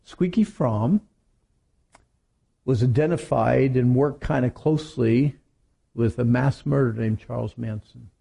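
Gravelly man preaching to teenagers. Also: medium pitch, normal speed. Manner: animated storytelling with acted quotes. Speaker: youth preacher. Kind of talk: sermon to teenagers.

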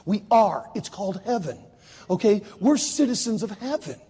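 Husky, animated male preacher. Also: moderate pace, in a large hall. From United States. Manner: animated storytelling, swoops into high acted voices. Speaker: Baptist preacher. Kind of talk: sermon to high school students.

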